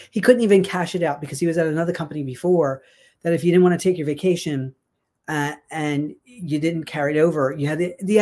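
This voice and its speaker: Woman, casual storytelling, chatty, animated, lots of restarts. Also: low-pitched. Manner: chatty, animated retelling with many fillers and restarts. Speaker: guest sharing a success story.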